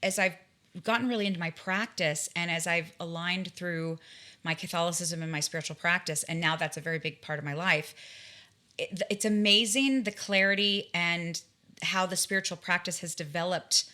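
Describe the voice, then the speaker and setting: Bright-voiced woman telling vivid stories. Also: on the low side, normal speed. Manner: animated, vivid storytelling with frequent restarts. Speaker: guest, tarot reader and spiritual guide. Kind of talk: conversational storytelling in an interview.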